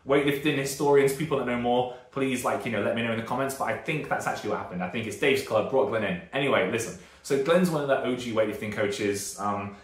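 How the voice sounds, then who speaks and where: A British man in his thirties talks through a training lesson in a loose, chatty way, often breaking off into tangents and correcting himself. His pitch sits in a middle range for a man. The sound carries a noticeable room echo. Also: quick pace, hardly any pauses. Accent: British, northern English. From Britain. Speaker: strength coach. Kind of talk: casual video lesson.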